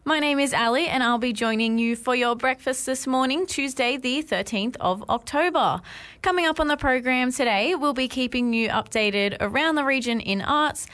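A woman hosting a community radio breakfast show, reading the weather in an upbeat, clear manner. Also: high voice, moderate pace, a bit bright.

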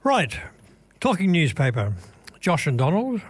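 A man's voice: fairly high pitch, very animated, slow, pauses often, darkish tone, no echo. A man presenting on community radio, introducing a newspaper story and fumbling apologetically when his screen fails. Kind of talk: casual radio talk. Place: radio studio.

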